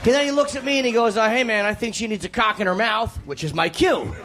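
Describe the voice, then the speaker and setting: A man's voice: high-pitched, fast talker, crowd noise. A male stand-up comedian telling a crude, self-mocking story with punchy timing over live audience laughter. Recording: live set with audience laughter and room noise.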